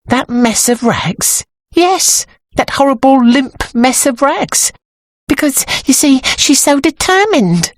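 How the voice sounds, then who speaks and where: A nervous, jumpy woman with an English accent, as a female reader puts her on, her voice pitched high and breathy and swooping wide with worry. The sound is close and dry, a storybook reading. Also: very animated, slow, no room sound, full character voice. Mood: frightened. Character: anxious, easily frightened woman assistant. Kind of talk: audiobook character voice.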